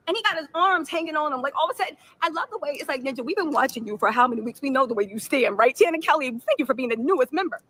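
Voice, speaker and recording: A woman host talks quickly over her live reaction stream, her voice pitched high. She rattles off sassy commentary on the news and keeps stopping to thank viewers by name. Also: a bit bright, low-quality recording. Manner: sassy, fast-talking, mimics people she describes. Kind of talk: animated commentary chat.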